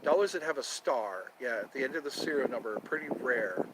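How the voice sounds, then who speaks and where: A man's voice: mid-range voice, animated, fairly quick, heavy background noise. A man hosting a casual solo livestream from outdoors near his home, rambling and repeating himself as he thinks aloud. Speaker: livestream host.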